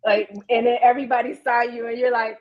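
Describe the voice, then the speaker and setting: A woman co-hosting a casual chat, animated and dramatic, laughing often and acting out quotes. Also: on the high side, quick pace, dull audio. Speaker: co-host. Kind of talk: casual chat among friends.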